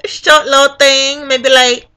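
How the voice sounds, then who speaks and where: A woman's voice: sits high, flat delivery, slow pace, bright, forceful tone. A young woman telling a profane storytime rant as a vlogger, acting out the people in her story. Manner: profane, acts out every voice in the story.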